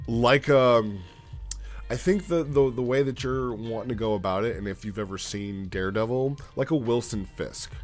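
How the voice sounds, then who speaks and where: Man, low voice, reviewing casually, halting and rambling, faint music behind. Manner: rambling, halting, checks in with "right?". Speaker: roleplay log reviewer.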